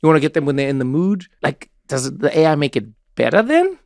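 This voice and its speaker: A man's voice: fairly high pitch, very animated, quick pace, creaky, no room sound, clean studio sound. A man hosting a podcast, musing aloud in casual chat. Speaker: podcast host.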